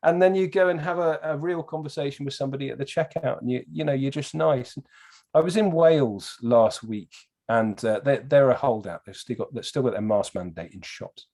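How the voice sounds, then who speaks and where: Man, podcast guest, lively storyteller who swears a lot. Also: mid-range voice, fairly quick. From England. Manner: animated storyteller, swears freely. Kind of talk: casual podcast chat.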